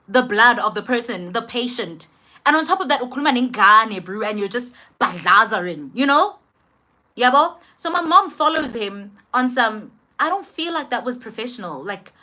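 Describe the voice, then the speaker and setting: Bright-voiced young South African woman. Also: fairly high pitch. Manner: animated, emphatic, switches languages mid-sentence. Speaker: vlogger. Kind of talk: storytime monologue.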